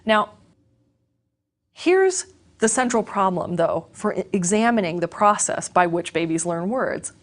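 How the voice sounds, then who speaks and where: Woman, lecturer, measured, clear, mid-pitched, scripted lesson. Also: expressive.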